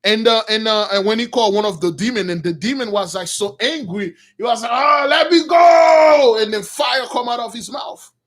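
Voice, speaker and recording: A man retelling a Bible story with lively, slangy commentary, calling his listeners brothers. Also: high voice, a little fast, hardly any pauses, raised voice.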